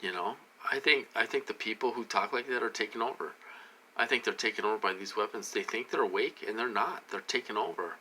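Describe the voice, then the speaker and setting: A man rambling in a repetitive monologue to camera, full of restarts, slightly tipsy from a drink, swinging from loud outbursts to low muttering. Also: brisk, a little hiss or hum. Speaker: vlogger.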